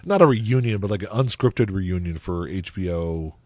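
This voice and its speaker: A man's voice: sits low, expressive, moderate pace, a little mellow, dry recording. A man co-hosting a podcast in casual chat, rambling and laughing often. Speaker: podcast co-host.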